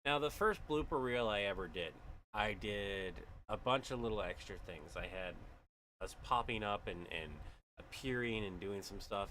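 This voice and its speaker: Man streamer, casual rambling chat, bright tense tone, slightly low voice. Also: slight background noise. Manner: rambling and jokey, with frequent fillers.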